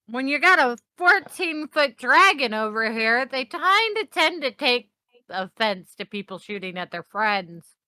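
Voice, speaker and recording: A woman playing a tabletop game, speaking calmly and matter-of-factly. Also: high voice, measured pace, dry recording. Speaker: player. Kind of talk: tabletop role-play.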